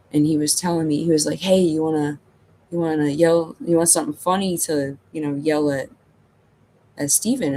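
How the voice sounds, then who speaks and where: A man's voice: fairly high pitch, darkish tone, slight background noise. A middle-aged man telling a casual story as a channel host, rambling and self-amused, filling his talk with "you know" and "like".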